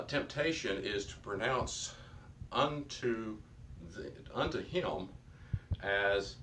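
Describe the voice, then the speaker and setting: Male Hebrew teacher, very low voice, unhurried lecture delivery, a bit off-mic. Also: distant mic, slight background noise, low-quality recording. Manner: slow, deliberate, with many fillers and restarts. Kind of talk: classroom lecture.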